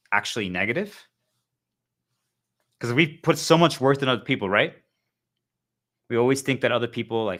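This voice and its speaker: A man speaks straight to his viewers in a loose, rambling monologue. His voice sits at an ordinary pitch with a bright edge. He sounds earnest and keeps calling his audience guys. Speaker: spiritual vlogger.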